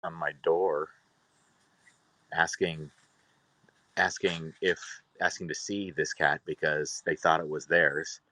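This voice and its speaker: Low-voiced chatty man, dry sound. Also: steady tone, slow pace, pauses often, pushed and bright, no echo, low-quality recording. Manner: chatty, exasperated, talks to his cats in between. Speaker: cat owner vlogger. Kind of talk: casual rambling storytelling.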